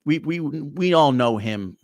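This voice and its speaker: Gravelly, joking male guest. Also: a little high, expressive, slow pace, darkish tone, no echo. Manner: joking, stammers on repeats. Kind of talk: casual chat on a live stream.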